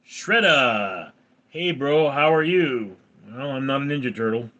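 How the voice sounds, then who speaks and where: A man in his forties from California hosts a casual livestream, reading his chat aloud and answering with dry replies. He speaks at medium pitch and a moderate pace, on a muffled recording.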